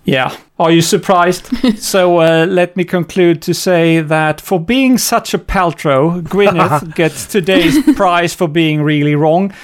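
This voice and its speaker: A man's voice: a little high, slow pace, hardly any pauses. A man co-hosting a casual podcast, telling a story wryly with many fillers and chuckles. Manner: wry, chuckling, hesitant with fillers. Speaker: podcast co-host. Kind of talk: casual chat.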